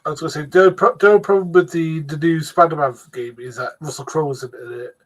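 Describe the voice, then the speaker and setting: A man with a voice a touch higher than most men joins a casual group chat. He stumbles over repeated words as he builds up to his jokes. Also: quick pace. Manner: stammering, repeats words before joking.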